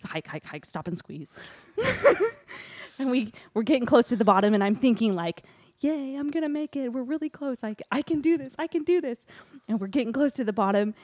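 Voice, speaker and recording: A woman's voice: mid-range voice, no echo. A woman casually telling a personal story, laughing often and acting out the dialogue. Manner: laughing often, animated retelling with quoted dialogue.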